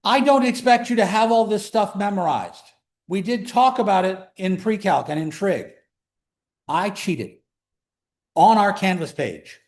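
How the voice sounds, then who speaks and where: Male college math teacher, fairly high voice, chatty classroom lecture with jokey asides. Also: lively intonation. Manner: pace swings between slow emphasis and quick runs. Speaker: math instructor.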